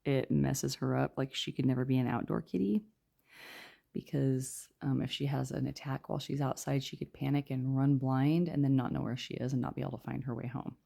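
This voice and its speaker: Woman tarot reader, gravelly and dark-toned, hushed and chatty. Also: very deep voice, fairly even intonation, fairly quick. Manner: chatty, rambling, lots of fillers; talking quietly. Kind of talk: casual spoken tarot reading.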